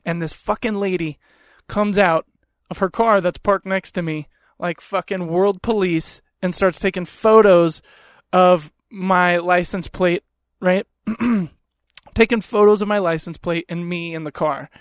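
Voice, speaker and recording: A man hosting a podcast, telling a story in a profane, animated rant into a close mic. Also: sits high, measured pace, no echo. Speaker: podcast host. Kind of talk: comedic storytelling.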